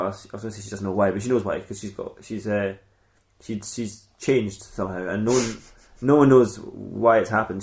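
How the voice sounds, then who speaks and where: A man's voice: on the low side, darkish tone. A man hosting a podcast, improvising a comic story in a rambling, self-mocking way with bursts of laughter. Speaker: podcast host. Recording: roomy echo.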